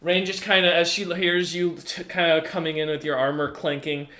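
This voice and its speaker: A man's voice: a little high, level tone, brisk, pushed and bright. A man casually narrating a tabletop game as game master, with many fillers and restarts. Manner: casual, hesitant, lots of fillers.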